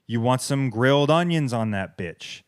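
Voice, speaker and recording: A man's voice: mid-range voice, animated, moderate pace, clear, resonant tone, no echo, clean studio sound. A man, hosting a podcast and ranting sarcastically with heavy swearing. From American South. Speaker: podcast host. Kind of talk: comedic rant. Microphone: wireless clip-on mic.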